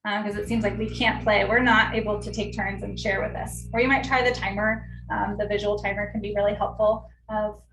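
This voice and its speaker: A woman's voice: medium pitch, little pitch movement, brisk, vocal fry, hardly any pauses, noisy background. Chatty woman therapist in an echoey room. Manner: friendly, conversational, many fillers. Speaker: occupational therapist leading a parent workshop. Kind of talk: informal teaching talk. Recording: roomy echo, distant mic.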